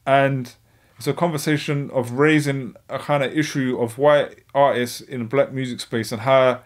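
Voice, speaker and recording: A man's voice: mid-range voice, steady tone. A man, giving a thoughtful live reaction commentary and often checking in with the viewers. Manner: thoughtful, measured, frequent "you know what I'm saying". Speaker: streamer reacting to clips.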